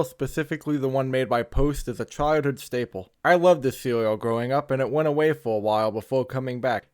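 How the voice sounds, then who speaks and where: A man's voice: mid-range voice, no echo, studio quality. A man hosting a comedic cereal ranking, rambling into absurd tangents with mock-dramatic delivery. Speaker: comedic video host.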